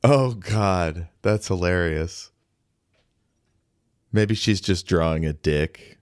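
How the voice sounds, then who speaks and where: A man co-hosts a podcast about a film, speaking slowly with a low-pitched voice. He jokes in a dry, offhand way. The recording is close and dry, with no room sound. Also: dry recording. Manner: slow, dry and joking. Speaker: podcast co-host. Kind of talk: casual film discussion.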